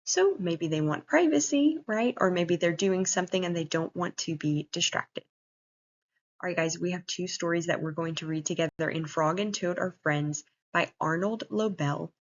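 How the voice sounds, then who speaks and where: A woman teacher giving a gentle, encouraging online reading lesson to young children over a computer mic. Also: lowish voice, normal speed. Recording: muffled lo-fi recording.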